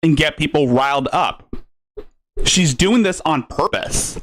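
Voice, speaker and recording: Scornful male streamer, lively pitch. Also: unhurried. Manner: scornful, swears, speaks over the clip. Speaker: commentary streamer. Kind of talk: live stream commentary.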